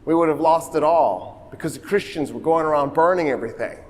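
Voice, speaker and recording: A man delivers a public history lecture in an animated, joking manner, tossing in asides and quick impressions. His voice sits a bit high for a man. Long reverb from a large hall trails his words. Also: slight background noise. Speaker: university lecturer.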